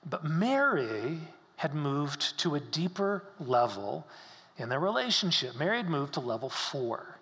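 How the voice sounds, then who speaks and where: A man preaching a sermon, explaining scripture and reading verses aloud, often dropping to a hush at tender moments. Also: a little high, big pitch swings, a little slow, in a large hall. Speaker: pastor.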